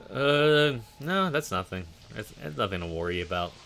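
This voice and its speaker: A man's voice: mid-range voice, animated, moderate pace, vocal fry, a bit bright, slight background noise. A man streaming a horror game, talking casually and making sarcastic jokes as he plays. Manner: joking, sarcastic asides. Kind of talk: casual gameplay commentary.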